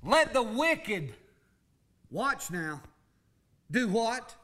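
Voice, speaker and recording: A man preaching a fervent sermon, swinging from loud calls to low asides. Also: big pitch swings, very slow. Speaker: pastor.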